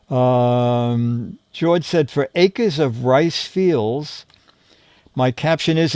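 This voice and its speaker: A man hosting a casual comedy show, reading out photo captions and trading jokes in an unhurried way. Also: mid-range voice, darkish tone, smooth, no room sound. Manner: unhurried, reads captions aloud with dry jokes.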